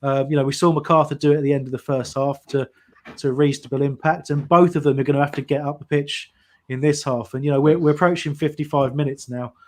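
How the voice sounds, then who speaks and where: A man's voice: on the high side, fairly even intonation, fast. Man calling a football match live, chatty. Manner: chatty, thinking aloud with many restarts. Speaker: co-host of fan watch-along. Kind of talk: live football commentary and analysis.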